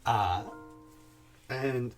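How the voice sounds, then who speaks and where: A man narrating a tabletop game as game master, relaxed with many fillers, over faint music. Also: medium pitch, drawn-out words.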